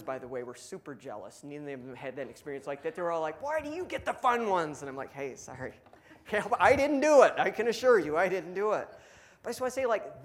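Young guy preaching, bit high voice, animated, acts out the quotes. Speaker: pastor. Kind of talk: sermon.

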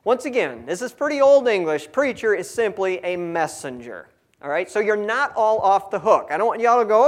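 A man with a fairly high voice and a drawl teaches through a Bible passage like a preacher. He reads the verses, then breaks into casual, folksy asides addressed to his listeners. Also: very animated, normal speed.

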